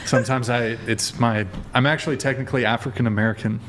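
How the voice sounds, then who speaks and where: A man hosting a podcast who talks bluntly and swears freely. His voice sits at an ordinary middle pitch. He teases and lectures his guest in casual chat. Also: fairly even intonation, fast talker, over a noisy crowd. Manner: blunt, profane, teasing. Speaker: podcast host.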